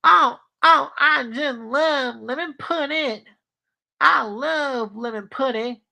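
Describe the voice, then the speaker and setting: A man voicing a gentle, lanky southern country boy with a put-on Southern American drawl. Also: very high voice, takes it slowly, creaky, voice pushed up, heavily acted. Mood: doting.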